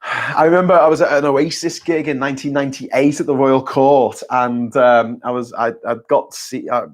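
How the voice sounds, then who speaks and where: A man's voice: medium pitch, steady tone, moderate pace. A man, hosting a casual live chat, reading viewer messages and talking bluntly and sarcastically, with plenty of swearing. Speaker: host.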